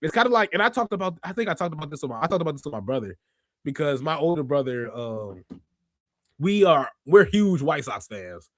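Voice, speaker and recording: A man's voice: fairly high pitch, big pitch swings, brisk, fairly bright tone, dry recording, studio quality. A man hosting a podcast in casual, rambling chat, laughing often as he talks. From Chicago area. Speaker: podcast host. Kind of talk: casual wrestling review chat.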